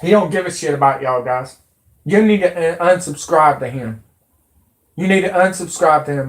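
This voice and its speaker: A man delivers a rambling, agitated livestream rant, swearing as he goes and talking straight to his viewers. His voice sits a little high for a man. The room around him is echoey and bare. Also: normal speed. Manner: agitated, rambling, swears freely, addresses viewers as folks and y'all. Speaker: conspiracy vlogger. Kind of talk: ranting livestream monologue.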